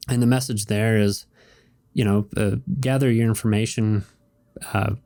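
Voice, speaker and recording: A man's voice: on the low side, steady tone, normal speed, dark tone. A man hosting a show where he reads comic strips, chatting casually in a rambling, hesitant way and chuckling now and then. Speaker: host.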